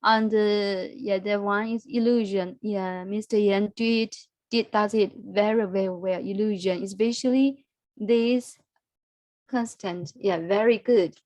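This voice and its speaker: A woman's voice: medium pitch, steady tone, unhurried, a little mellow, dry recording. A woman teaching English in an online class, coaching pronunciation and praising her students while she repeats words for them to practice. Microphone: video call.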